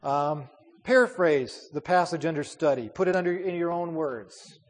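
A pastor with a highish, animated voice leads an informal Bible study at normal speed. He talks in a loose, conversational way, full of fillers and repeated words. Long hall reverb surrounds the sound.

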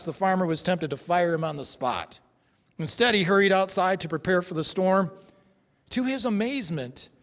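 A man preaching a sermon, earnest and emphatic, dropping to a hush for effect. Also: high-pitched. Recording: long reverb of a large hall.

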